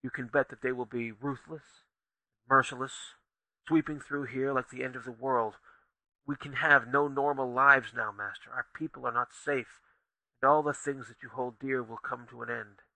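A man voicing a frightened furry male tribesman who speaks softly and fearfully of his zealot past, in a storybook reading. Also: mid-range voice, steady tone, moderate pace, no echo, low-quality recording. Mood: hushed fearful. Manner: hushed, trembling, fearful.

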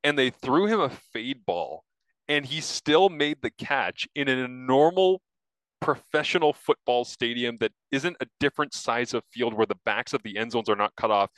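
A man hosting a casual football talk show, upbeat and chatty and quick to laugh. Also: medium pitch, lively intonation, a bit bright, dry recording, rough recording. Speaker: podcast host and football analyst. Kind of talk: casual sports chat.

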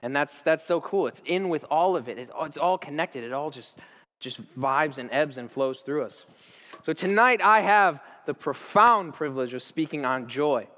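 A young man in his twenties gives an informal sermon in a slightly high voice, full of enthusiasm and slang. He tells stories with frequent restarts, and the voice carries a long hall reverb. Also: animated, normal speed, sharp tone. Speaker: speaker at a church gathering.

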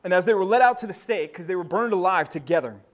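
A pastor with a rather high male voice preaches fast and animatedly, addressing the congregation directly. When he reaches the rousing quotes, his voice climbs to near shouting.

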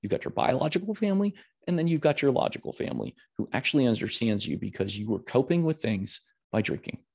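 A man's voice: medium pitch, lively intonation, quick pace, gravelly, a little mellow, breathy edge. A man hosting a podcast, talking candidly in a rambling, earnest way with many restarts. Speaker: podcast host.

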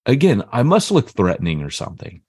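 A man's voice: medium pitch, fairly quick, husky, no echo. A man in his fifties, a podcast co-host, casually telling a story and acting out the people in it. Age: 50s. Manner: animated, acts out the voices in his story.

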